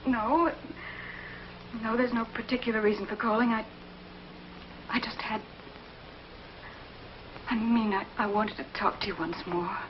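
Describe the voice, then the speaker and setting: A woman's voice: fairly high pitch, steady tone, a little slow, pauses often, slight background noise, natural voice. An actress playing a lonely woman who pleads with an estranged lover over the phone, stammering and crying. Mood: pleading. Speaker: distraught caller. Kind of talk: 1950s television drama acting. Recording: dull old TV soundtrack with music.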